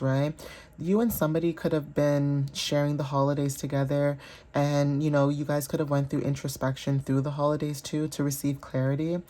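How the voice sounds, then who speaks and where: A woman's voice: low voice, dark tone. A woman giving a casual, chatty tarot reading, full of fillers and often checking in with her listeners. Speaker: tarot reader.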